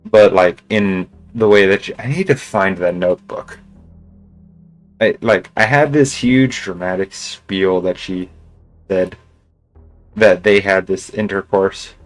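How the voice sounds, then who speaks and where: Slow, low-voiced male streamer. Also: soft background music, rough recording. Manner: rambling, many fillers and restarts. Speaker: game streamer. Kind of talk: casual storytelling on a live stream.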